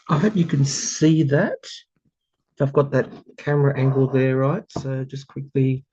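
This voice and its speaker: A man's voice: mid-range voice, steady tone, measured pace, mellow, muffled recording, slight background noise. A man talking casually in a tarot reading vlog, rambling and earnest, often laughing at himself. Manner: rambling, earnest, chatty with self-deprecating laughs. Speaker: tarot reader.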